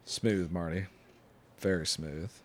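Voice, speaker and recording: A man's voice: low-pitched, slow pace, slight background noise. Joking young man chatting. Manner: joking, animated asides. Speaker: podcast co-host. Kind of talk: casual chat watching a movie.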